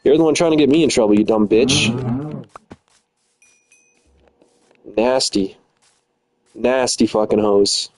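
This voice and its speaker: A man's voice: medium pitch, a little slow, a little mellow, low-quality recording. A man in his twenties ranting angrily and profanely in a casual, bitter way. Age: 20s. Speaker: streamer. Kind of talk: angry casual rant.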